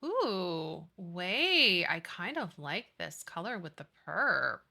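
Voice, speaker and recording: A woman streamer in casual live-stream chat as she plays, gushing over whatever she sees. Her voice is very bright and sharp, with sudden gasps and cutesy baby talk. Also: fairly low pitch, big pitch swings, slow, creaky. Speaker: game streamer.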